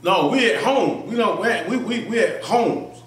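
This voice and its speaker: A man telling his story in a casual interview, animated and acting out voices, often asking "you feel me". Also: high-pitched, a little slow, far from the mic. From Florida, US. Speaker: interview guest. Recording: echoey room, somewhat off-mic.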